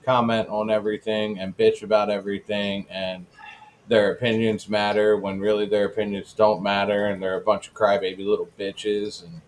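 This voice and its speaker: A man's voice: on the low side, level tone, normal speed, a little hiss or hum. A man co-hosting a casual podcast livestream, blunt and taunting, swearing freely. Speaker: podcast co-host.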